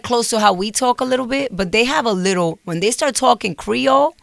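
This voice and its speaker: A woman's voice: a little high, a little fast, vocal fry, fairly bright tone, no room sound, clean studio sound. A woman in her forties from New York City with a New York accent, talking as a guest in a casual interview and slipping between English and Spanish. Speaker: guest actress.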